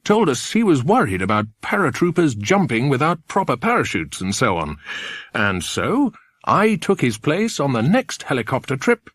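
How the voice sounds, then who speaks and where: A man voicing a cheerful, confident grown man who tells his tale briskly, in an audiobook. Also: mid-range voice, wildly swooping pitch, a bit bright, dry recording, studio quality, voice pushed up. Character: cheerful, confident adult man, kindly friend. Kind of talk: audiobook character voice.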